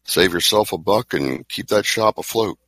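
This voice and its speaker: Male co-host, very low voice, wry deadpan delivery, dry mic. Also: normal speed, dry recording. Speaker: podcast co-host. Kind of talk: casual podcast chat.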